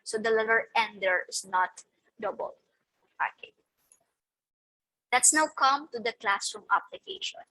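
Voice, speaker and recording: Bright, husky-voiced woman teaching. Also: fairly high pitch, expressive, measured pace, pauses often, rough recording. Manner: methodical, repeats "okay" and "so" between points. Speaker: teacher presenting a lesson. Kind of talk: explaining slides in a recorded lecture.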